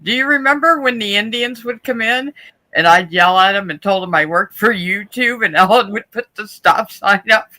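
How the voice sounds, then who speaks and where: A man's voice: sits high, normal speed, low-quality recording. A man chatting on a stream, recalling old times with amused exclamations. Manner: animated, amused, exclaims often. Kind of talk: casual chat, reminiscing.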